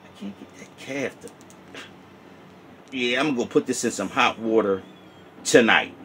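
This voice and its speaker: A man's voice: medium pitch, normal speed, sharp tone, a little hiss or hum. A man casually chatting through a toy review vlog, rambling and heartfelt. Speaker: toy collector vlogger.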